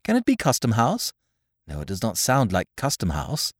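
A man voicing a naive young gentleman, formal, precise, very lively pitch. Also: moderate pace, no room sound, full character voice. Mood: astonished. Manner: formal, precise, stiffly polite. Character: earnest young man of twenty-one, prim and naive.

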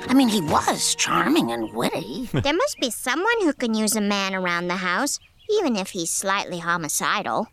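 An actress voicing a patient middle-aged cartoon mother with a gravelly voice and a mild, drawling manner. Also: medium pitch, big pitch swings, normal speed. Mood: wistful. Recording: cartoon clip with music behind. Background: music.

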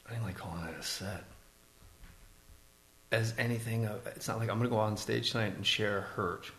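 Comedian guy hosting a podcast, gravelly voice, blunt and teasing, swears a lot. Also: on the low side, a bit bright, roomy sound, slight background noise. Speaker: podcast host and stand-up comedian. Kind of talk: casual conversational podcast.

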